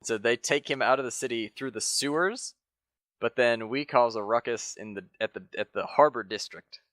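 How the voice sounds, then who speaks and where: A podcast co-host with a medium-pitched, slightly bright voice chats casually at normal speed, rambling, swearing offhandedly, and using lots of fillers. The studio sound is clean, with no echo.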